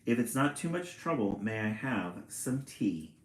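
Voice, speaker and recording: A man voicing a gentle, polite old male giant with a scratchy voice in a storybook reading. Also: lowish voice, very animated, a little slow, reverberant.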